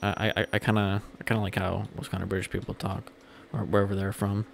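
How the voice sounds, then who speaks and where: A young male streamer chats loosely with his viewers as he plays, rambling and swearing casually. His voice sits on the low side with a gravelly rasp, and there is a faint hiss behind him. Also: little pitch movement, fast. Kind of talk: casual gameplay livestream chat.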